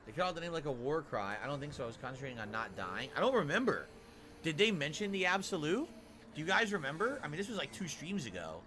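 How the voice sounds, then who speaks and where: A man's voice: fairly high pitch, pushed and bright, slight background noise. A man streaming a video game, thinking aloud hesitantly and asking his chat what they remember. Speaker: gaming streamer. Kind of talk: casual gameplay commentary.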